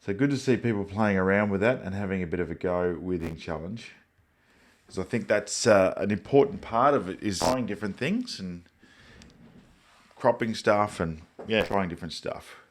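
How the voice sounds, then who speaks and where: A man's voice: sits low, normal speed. An Australian man hosting a live photography show, chatting casually about viewer photos while a bit congested. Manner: relaxed, rambling, with frequent fillers. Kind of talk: live-stream chat reviewing viewer photos.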